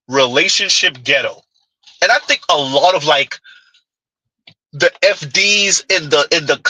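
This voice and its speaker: Sharp-voiced man needling in blunt commentary. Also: on the high side, husky, no echo, poor audio. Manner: rhetorical, needling questions with "huh?" asides; blunt, mocking. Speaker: commentary channel host. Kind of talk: live-stream commentary.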